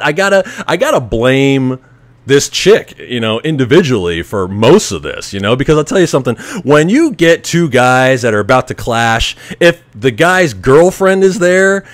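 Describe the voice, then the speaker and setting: A man hosting a podcast, telling a story in a casual, profane, animated way. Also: mid-range voice, no echo. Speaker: podcast host.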